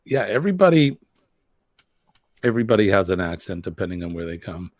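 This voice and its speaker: A man's voice: sits low, sing-song, a little fast, dry recording. Boston guy hosting a live stream, rambly and chatty, dry close sound. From New England. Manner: rambling, chatty, reads viewer comments aloud. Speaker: host.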